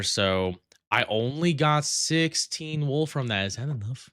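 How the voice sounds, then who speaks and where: Male game streamer, mid-pitched, smooth clear voice, dry close sound, loose rambling chatter with viewers. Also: moderate pace, sharp tone, no room sound. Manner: rambling and playful, many fillers. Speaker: live streamer. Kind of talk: casual gaming live stream chat.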